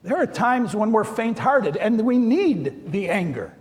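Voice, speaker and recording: A male priest giving a sermon, telling stories with animated, acted-out quotes. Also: sits high, unhurried. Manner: animated storytelling, acts out quoted voices. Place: large church. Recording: long church reverb.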